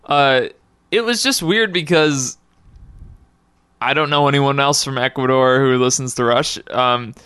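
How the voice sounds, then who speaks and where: A man's voice: medium pitch, unhurried, bright, forceful tone, clean tone, dry recording. A young man hosting a casual podcast, rambling and laughing often as he tells stories. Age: young adult. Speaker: podcast host.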